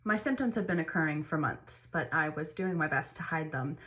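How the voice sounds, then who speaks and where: A woman's voice: low-pitched, lively intonation, fairly quick, fairly bright tone. A woman candidly telling a personal story to camera, earnest and conversational, like a storytime vlog. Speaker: mother sharing her story.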